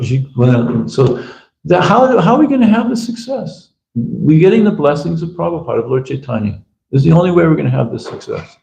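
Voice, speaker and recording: A man's voice: medium pitch, creaky, mellow, roomy sound, muffled recording. A man giving a casual, conversational sermon as a visiting preacher, acting out bits of dialogue as he talks. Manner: conversational, acts out dialogue in quick asides. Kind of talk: informal sermon. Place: temple room.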